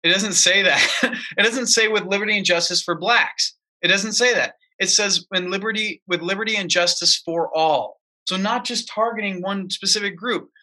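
A man with a high, very bright and piercing voice argues with emphatic insistence, hammering his points by repeating them. He talks in a casual, heated political chat. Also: moderate pace. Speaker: podcast co-host.

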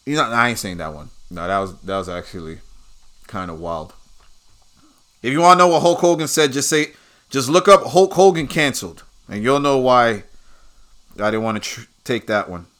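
Podcast host, crude combative ranter, bright forceful voice. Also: male voice, medium pitch, moderate pace. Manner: crude, combative, swearing freely. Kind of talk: profane rant.

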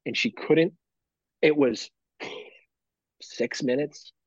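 A man co-hosting a podcast in casual chat, swearing freely and telling animated stories about his kids. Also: a little high, takes it slowly, dry recording, muffled recording. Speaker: podcast co-host.

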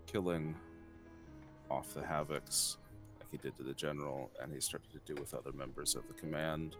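A man playing his character in a tabletop game, speaking in a grim, resolute and deliberate way. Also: a bass voice, steady tone. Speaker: player. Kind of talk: in-character role-play. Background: music.

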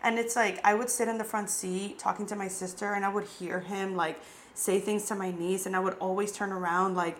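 Give me a young woman host recounting her own story frankly, with casual fillers and a medium pitch. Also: fairly even intonation, brisk, a bit bright. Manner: candid, frequent "like" fillers, swears freely. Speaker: podcast host.

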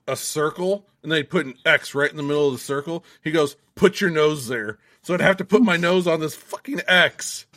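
A man's voice: a little high, fairly quick, hardly any pauses, pushed and bright. A man on a podcast, bluntly telling a profane story about his parents' punishments. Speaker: podcast co-host. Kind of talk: casual chat.

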